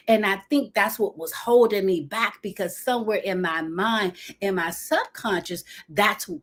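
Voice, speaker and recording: Animated woman preaching self-acceptance. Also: unhurried, hardly any pauses. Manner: animated, excitable, talks to viewers as y'all; energetic and expressive, jumps in pitch. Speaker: motivational speaker. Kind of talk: motivational livestream talk. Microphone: phone or webcam livestream.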